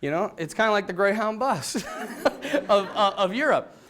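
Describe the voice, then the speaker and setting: A Catholic priest from North Dakota tells a funny, self-deprecating personal story to an audience and acts out the dialogue. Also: male voice, high-pitched, measured pace. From North Dakota, USA. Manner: animated storyteller acting out quoted dialogue. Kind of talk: personal testimony told to an audience.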